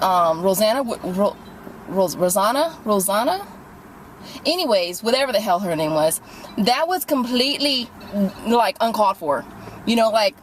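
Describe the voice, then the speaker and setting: A woman with a fairly high voice vlogs from her parked car, telling a couponing storytime in an angry rant to camera. Heated and profane, she acts out both sides of the argument on a rough recording with slight background noise.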